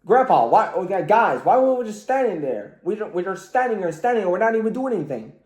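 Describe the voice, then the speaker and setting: A man's voice: high voice, very animated, fast, darkish tone, reverberant. A man imitating a restless, questioning young boy from a cartoon. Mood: nagging.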